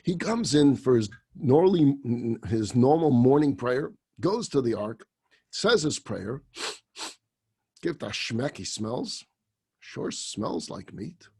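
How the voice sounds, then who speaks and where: A rabbi telling a story in a sermon, animated and dramatic. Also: male voice, mid-range voice, slow pace, slightly rough.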